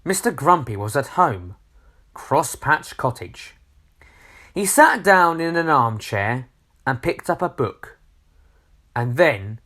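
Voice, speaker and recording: Male storyteller, slow and sing-song, reads to kids, asks the listener questions. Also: a little high, big pitch swings, sharp tone. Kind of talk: reading a children's storybook aloud.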